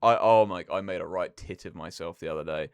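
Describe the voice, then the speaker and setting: A man's voice: low-pitched, fairly quick, smooth, dry recording. A young man co-hosting a podcast, telling rambling, self-mocking stories in casual chat. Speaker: podcast co-host.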